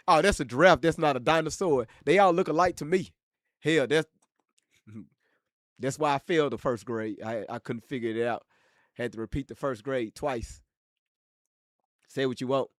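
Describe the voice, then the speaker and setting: A man hosting a livestream, teasing his chat in a loud, profane, joking way. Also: medium pitch, moderate pace, pauses often, dry recording, clean studio sound. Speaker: livestream host reading chat. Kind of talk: casual livestream commentary.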